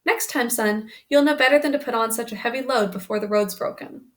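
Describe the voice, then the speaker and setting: A woman voicing a stern, practical farm father giving plain, measured advice to his son. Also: fairly high pitch, fairly bright tone, close to an everyday voice. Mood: instructive.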